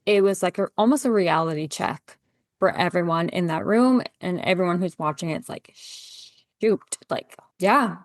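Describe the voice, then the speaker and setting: A woman's voice: on the low side, brisk, no room sound. A woman guest on a podcast, a gardener who chats casually, fills her talk with "like" and acts out quoted lines with animation. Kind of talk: casual chat.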